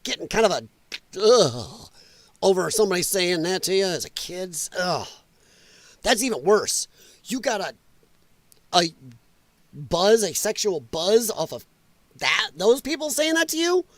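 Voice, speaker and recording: A man's voice: high voice, expressive, a little slow, long pauses, fairly bright tone, no room sound. A middle-aged man hosting a podcast, reacting to clips with mocking comments, exclamations and frequent laughs. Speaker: host.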